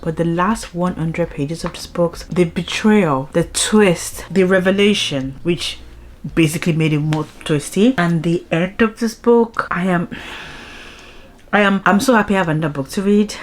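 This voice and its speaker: A young woman chatting excitedly at home in a casual reading vlog, rambling and restarting as she gushes about books. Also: lowish voice, moderate pace. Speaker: book vlogger. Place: home, indoors.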